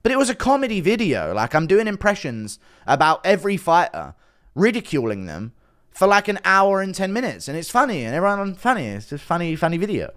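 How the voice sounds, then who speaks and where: Animated, sarcastic male commentator. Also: sits high, fairly quick. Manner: defensive, sarcastic, swears a lot. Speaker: online commentator. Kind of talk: casual rant to camera.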